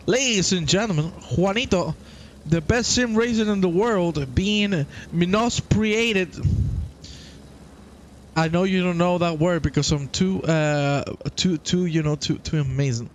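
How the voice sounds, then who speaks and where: A man's voice: sits high, unhurried, a little hiss or hum. A young man hosting a live sim racing stream, commentating playfully and chatting with his viewers. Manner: playful and excitable, chats with viewers.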